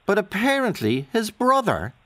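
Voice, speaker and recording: A man hosting a radio phone-in, talking in a lively conversational way. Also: sits high, normal speed, dry recording. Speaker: radio host.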